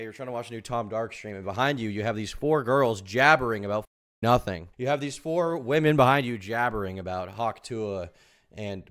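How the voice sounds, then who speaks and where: A man streaming commentary on a podcast, ranting in an exasperated, sarcastic way with sudden loud outbursts. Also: mid-range voice.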